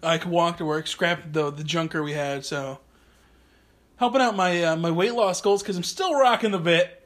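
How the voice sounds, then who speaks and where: A man's voice: fairly high pitch, normal speed, fairly bright tone. A man co-hosting a podcast in loose, laid-back banter, full of "dude" and swearing, in a studio. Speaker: podcast co-host.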